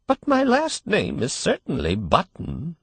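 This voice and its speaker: A man's voice: fairly high pitch, wildly swooping pitch, unhurried, vocal fry, breathy edge, dry recording, pitched above the performer's own voice, heavily acted. Cracked, whining ancient old man, as a male reader puts him on. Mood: querulous. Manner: complaining, whiny.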